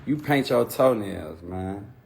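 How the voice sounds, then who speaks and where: A man's voice: lowish voice, lively intonation, slow pace, creaky, very noisy. A man ranting heatedly on a livestream into a phone, mocking and swearing.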